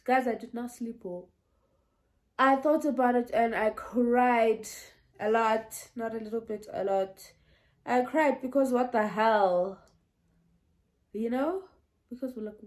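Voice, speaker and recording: Woman, twenties, story time vlog, lively and chatty, slightly high voice. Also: measured pace. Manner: animated, chatty storytelling to viewers. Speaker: vlogger.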